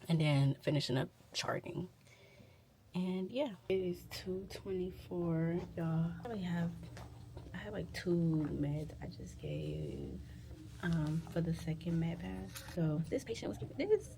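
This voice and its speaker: A young adult woman who works as a licensed vocational nurse, chatting casually to camera in a vlog and retelling her day in animated, quick bursts. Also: on the low side, a little hiss or hum.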